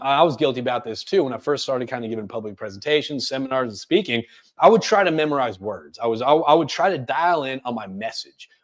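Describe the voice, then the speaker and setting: A man presenting a career coaching webinar, speaking rapidly and energetically with frequent fillers and restarts. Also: medium pitch. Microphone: webinar microphone.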